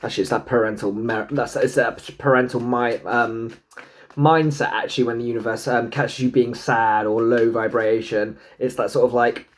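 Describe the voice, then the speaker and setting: A man giving a casual tarot reading to camera, swearing freely and joking with himself. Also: normal speed. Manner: chatty, swears freely, jokes to himself, talks back to the universe; lively pitch, swoops high into silly put-on voices. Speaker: tarot and numerology reader.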